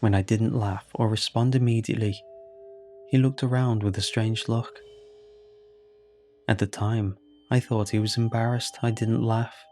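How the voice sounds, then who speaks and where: A man tells a first-person horror story in a calm, measured way. His voice sits low and dark. Faint music plays underneath. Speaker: narrator.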